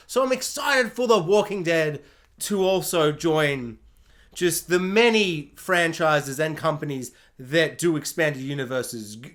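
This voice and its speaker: A TV reviewer talking sarcastically and laughing often, jumping between high and low pitch. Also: animated, normal speed, a bit bright.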